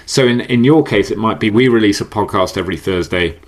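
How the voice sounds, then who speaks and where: Chatty man with a low voice. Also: a little fast. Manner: chatty and animated, laughs often, frequent restarts. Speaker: podcast guest, entrepreneur. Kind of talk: casual conversational interview.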